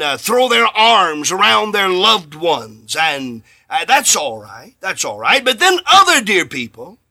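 A man delivers a radio sermon in a bright, piercing voice with a high, lively pitch. He preaches slowly and emphatically, rising to loud swells and sinking to near-hushed lines, and briefly acts out little conversations as he goes. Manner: acts out bits of dialogue in his sermon.

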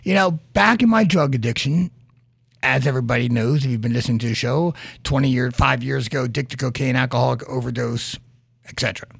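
A man's voice: mid-range voice, fast, vocal fry, breathy edge, no room sound, studio quality. A man hosting a podcast, giving an earnest motivational monologue full of stories and "right?" asides. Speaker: podcast host.

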